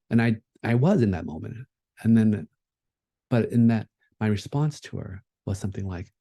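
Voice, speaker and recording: A man's voice: mid-range voice, normal speed, dark tone, no echo. A man giving a keynote talk at a conference, speaking in a reflective, conversational way, with many fillers and restarts.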